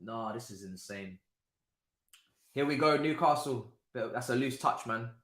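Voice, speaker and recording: A young man hosting a casual live football watchalong, talking in an animated, repetitive way with lots of slang and laughter. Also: mid-range voice, measured pace. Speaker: watchalong host. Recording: roomy echo.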